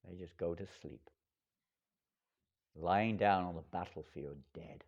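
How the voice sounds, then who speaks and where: A monk giving a lively, dramatic storytelling sermon with wry asides. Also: male voice, low-pitched, slow. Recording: dull lo-fi lecture recording.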